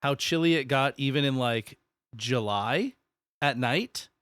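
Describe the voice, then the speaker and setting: A man's voice: medium pitch, unhurried, a bit bright, clear, resonant tone, no room sound, studio quality. A man raised in the American South co-hosting a podcast, rambling and swearing casually. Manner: rambling, swears, self-correcting. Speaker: podcast co-host. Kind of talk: casual chat.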